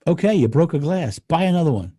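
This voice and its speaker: Animated man with a lively voice. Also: a little high, fast talker, slightly rough, no room sound, studio quality. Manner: animated, laughs often, rants with enthusiasm. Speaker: podcast guest. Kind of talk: casual conversation.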